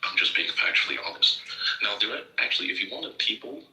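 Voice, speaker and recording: Deep-voiced young man explaining history. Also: animated, pushed and bright. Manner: quick, knowledgeable, explains history with fillers. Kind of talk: casual chat. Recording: roomy, distant mic.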